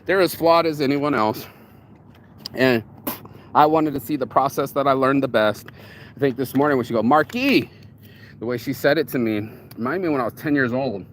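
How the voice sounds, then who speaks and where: A man talks through his thoughts in a loose, rambling vlog monologue, swearing freely and turning ideas over as he goes. His voice sits at an ordinary middle pitch, with a faint hum of noise behind it. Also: a little fast, fairly bright tone. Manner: rambling, profane, self-reflective. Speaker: vlogger. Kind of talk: casual reflective monologue.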